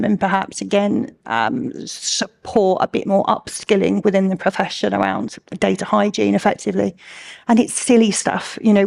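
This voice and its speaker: A woman's voice: mid-range voice, gravelly, a little mellow. A woman answering on a conference panel, fluent and practical with a few filler ums.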